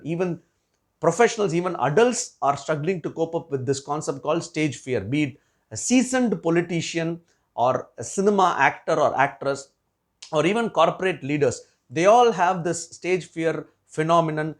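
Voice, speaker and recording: Earnest man, career coach, higher voice. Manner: earnest, repeats and restarts phrases. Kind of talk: explanatory talk to parents.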